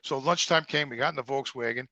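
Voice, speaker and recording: Brief: middle-aged New York guy, gravelly and bright, high-pitched, salty storyteller. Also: quick pace, no echo, dull audio. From Brooklyn, New York. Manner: profane, animated storyteller. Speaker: guest. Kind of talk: casual storytelling.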